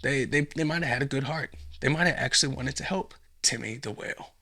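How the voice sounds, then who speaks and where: A man's voice: medium pitch, fairly quick, gravelly, pushed and bright. A man hosting a comedy podcast, delivering a profane, rambling monologue and acting out scenes.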